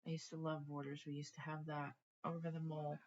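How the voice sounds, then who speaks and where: A low-pitched woman in her 40s talks fast with little pitch movement and a darkish tone, the highs of the recording cut off. She's a book vlogger chatting casually at home, wandering between topics and easily distracted.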